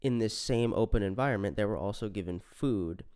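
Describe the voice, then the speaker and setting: A man hosting a solo science podcast, stuffy from a cold, explaining in a relaxed, conversational way. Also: on the low side, a little fast, clear, resonant tone. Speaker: podcast host.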